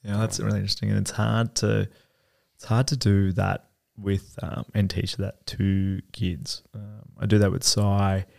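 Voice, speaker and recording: A man's voice: lowish voice, flat delivery, a little slow, vocal fry, darkish tone. A man in his thirties co-hosting a podcast in casual chat, rambling with fillers and casual swearing. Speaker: podcast co-host.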